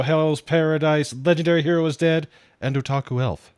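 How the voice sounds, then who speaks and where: A man's voice: fairly high pitch, fairly even intonation, brisk, darkish tone, smooth, dry recording, studio quality. Emphatic male podcast guest. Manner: emphatic, matter-of-fact ranking. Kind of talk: casual podcast chat.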